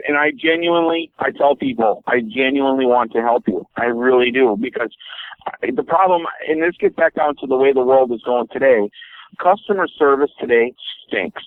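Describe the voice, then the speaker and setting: Guest: folksy business owner, earnest, repeats himself, tinny phone-line sound. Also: male voice, mid-range voice, dry recording. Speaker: seed company owner, guest. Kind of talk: casual phone interview.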